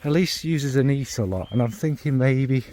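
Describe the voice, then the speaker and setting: A man from Northern England, with a mid-range, dark-toned voice at normal speed, gives a casual spoken fragrance review. He meanders while hunting for descriptive words, speaking bluntly and sometimes swearing.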